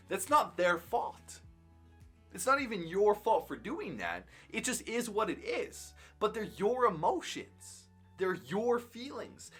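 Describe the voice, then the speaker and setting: A man's voice: on the high side, bright, forceful tone, husky. A young man and father talking earnestly and emphatically to camera, reflecting on his own parenting.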